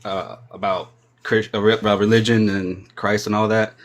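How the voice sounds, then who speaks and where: A man's voice: on the low side, little pitch movement, moderate pace. A man appearing as a guest on a casual live chat, giving short plainspoken answers.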